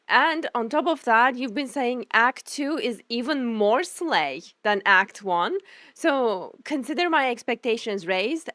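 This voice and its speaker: Young woman streamer, bubbly and gushing at chat, kinda high voice, super dry close sound. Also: sharp tone, no echo. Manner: bubbly, effusive, laughs often. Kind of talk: live game stream chat.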